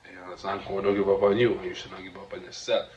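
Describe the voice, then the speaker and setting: A man's voice: low-pitched, little pitch movement, very fast, a little mellow. A man with a Trinidadian accent, hosting his own podcast and giving a motivational talk, preachy and repetitive, often asking "you understand?". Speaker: podcast host. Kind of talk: motivational monologue. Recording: dull lo-fi recording with faint noise.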